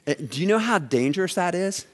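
A man preaching a sermon as a pastor, swinging between loud emphasis and hushed asides. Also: high-pitched, expressive, a little fast.

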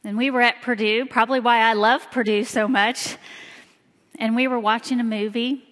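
A woman in her forties from Indiana, giving a personal talk in church with slow, emphatic storytelling. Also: high-pitched, bright, forceful tone. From Indiana, USA. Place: church sanctuary. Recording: long hall reverb.

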